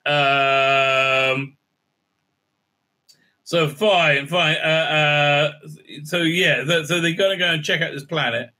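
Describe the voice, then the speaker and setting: A man's voice: fairly high pitch, fairly even intonation, measured pace, sharp tone. A man hosting a casual, ranting review recap, crude and sarcastic with lots of fillers. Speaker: show host, TV reviewer.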